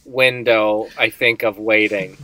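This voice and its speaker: A man's voice: fairly low pitch, steady tone, slow pace, bright, forceful tone. A man co-hosting a casual podcast chat, joking dryly and laying out the rules of a word game. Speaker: podcast co-host.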